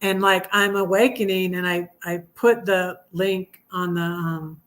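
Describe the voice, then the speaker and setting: Low-voiced woman chatting on a livestream. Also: fairly even intonation, measured pace, a bit bright. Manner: rambling with fillers and restarts. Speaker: livestream host reading poems. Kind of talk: casual livestream chat and poetry reading.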